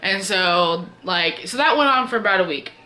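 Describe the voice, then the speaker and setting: Bright-voiced woman telling a story. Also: mid-range voice, expressive, normal speed. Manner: chatty, heavy use of filler words. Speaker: vlogger. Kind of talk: casual storytime.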